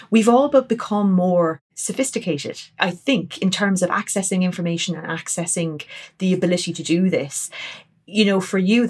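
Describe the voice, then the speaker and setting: A woman's voice: fairly low pitch, breathy edge. A woman from Ireland hosting a podcast, talking in a conversational way and thinking aloud. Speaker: podcast host. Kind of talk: podcast interview.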